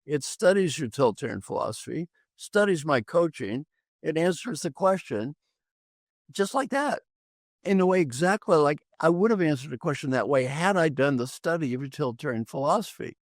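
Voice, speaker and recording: A man's voice: a little high, animated, normal speed, no echo, studio quality. An older man, an executive coach on a podcast, talking emphatically and repeating phrases for effect. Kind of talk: animated conversational storytelling.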